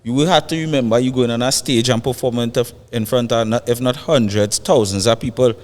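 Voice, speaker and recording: A man's voice: medium pitch, a little fast, long reverb tail. A man with a Trinidadian accent talking as a guest musician in a casual chat, emphatic and repeating phrases.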